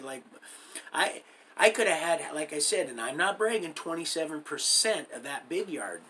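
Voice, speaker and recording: A man's voice: fairly high pitch, expressive, moderate pace, pushed and bright, a little hiss or hum, poor audio. A man casually telling a story from his own life, rambling with many restarts and acting out what others said, in streetwise slang. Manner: rambling, full of restarts and acted-out quoted dialogue.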